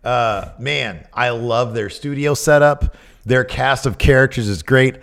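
A man's voice: mid-range voice, a little slow, gravelly, fairly bright tone. A man co-hosting a podcast in casual, enthusiastic, rambling chat. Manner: enthusiastic, rambling, laughs often. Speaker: podcast co-host.

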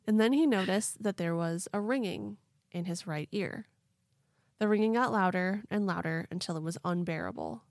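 A woman hosting a casual podcast tells a story in an easy, chatty way, swearing freely along the way. Her voice sits mid-pitch, recorded dry and close with no room echo. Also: moderate pace, gravelly, a little mellow. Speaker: podcast host.

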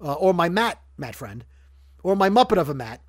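A man from Brooklyn with a high-pitched voice, chatting loosely as a podcast host. He rambles, jokes and keeps restarting his sentences. The sound is dry and close. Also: big pitch swings, moderate pace, dry recording. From Brooklyn, New York. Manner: rambling, joking, self-correcting. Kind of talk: casual podcast chat.

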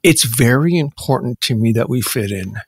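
A man performing in an improv comedy scene, talking in an animated, excitable way. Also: medium pitch, normal speed, husky.

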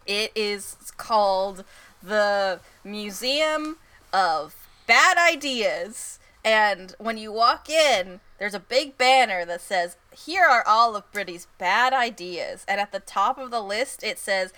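A woman's voice: medium pitch, lively intonation, slow, bright, forceful tone, smooth. A woman co-hosting a podcast, chatting casually and teasing playfully. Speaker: podcast co-host. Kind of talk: casual chat.

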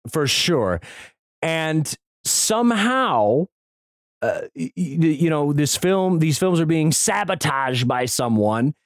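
A man co-hosting a podcast in casual chat, excitable, swearing and laughing often. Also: on the high side, slow, no room sound, studio quality. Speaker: podcast co-host.

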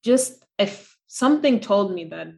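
A woman's voice: mid-range voice, animated, a little slow, vocal fry, a little mellow. A woman guest on a podcast talking casually and reflectively, with many fillers and restarts. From United States. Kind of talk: casual interview chat.

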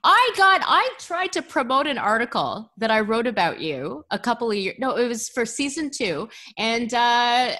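A woman's voice: fairly high pitch, very animated, normal speed, few pauses, fairly bright tone. A woman hosting a podcast interview, bubbly and playful, laughing easily and piling on fond exaggeration. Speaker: podcast host. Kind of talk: casual interview chat.

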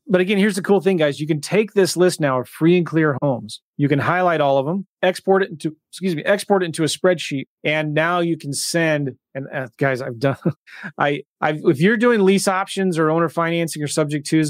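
Man host, enthusiastic, slightly high voice, dry close sound, live demo. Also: moderate pace, dry recording. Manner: excited, enthusiastic, addresses viewers as guys. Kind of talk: live webinar software demo.

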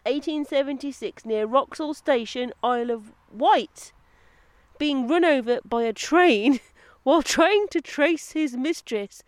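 A woman's voice: high-pitched, no room sound. A woman hosting a podcast outdoors on a woodland path, chatting casually, giggling and breaking off into asides while reading aloud. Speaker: podcast host.

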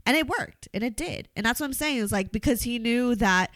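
A woman's voice: fairly high pitch, expressive, fairly quick, fairly bright tone, no room sound, clean studio sound. A young woman in casual, candid chat, blunt and profane, laughing often as she talks.

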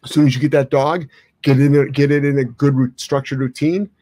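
A man's voice: medium pitch, steady tone, fairly quick, mellow, no room sound. A man who trains dogs for a living, answering viewer questions in a blunt, opinionated way, swearing now and then. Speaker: dog trainer.

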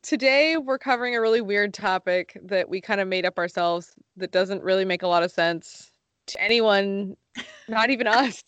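A woman's voice: mid-range voice, moderate pace, fairly bright tone, no echo. A young woman co-hosting a casual podcast, joking and giggling, her voice cracking now and then. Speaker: podcast co-host. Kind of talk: casual chat.

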